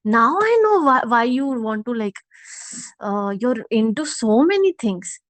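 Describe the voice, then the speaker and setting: A woman's voice: on the high side, a little slow, no echo. Giggly Indian woman switching into Hindi. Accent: Indian English. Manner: giggly, animated, mixes in Hindi. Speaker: podcast co-host. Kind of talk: casual banter.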